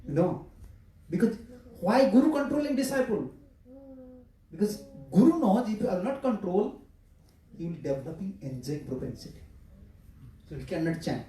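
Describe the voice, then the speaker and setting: Emphatic monk preaching in an echoey hall. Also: male voice, high voice, sing-song, normal speed, pauses often, dark tone, recorded from a distance. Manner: emphatic, repeats key words in threes. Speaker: monk giving a scripture class. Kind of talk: sermon.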